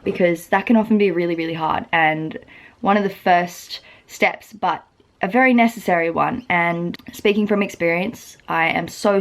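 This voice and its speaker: A young adult woman talking to her viewers in a personal vlog, earnest and open, with lots of "like" fillers. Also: fairly low pitch. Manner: uses many "like" fillers. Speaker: vlogger. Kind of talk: personal vlog talk to camera.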